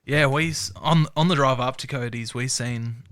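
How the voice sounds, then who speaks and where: A man's voice: mid-range voice, normal speed, fairly bright tone, dry recording. An Australian man hosts a casual podcast chat in an easygoing tone. He chuckles through his own story. The sound is close and dry, with no room around it. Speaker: podcast host.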